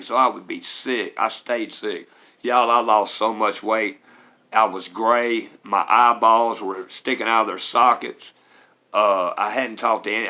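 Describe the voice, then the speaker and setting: Bright-toned man. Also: fairly low pitch, vocal fry. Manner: earnest and rambling, with Southern US turns of phrase. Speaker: vlogger telling his recovery story. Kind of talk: personal testimony.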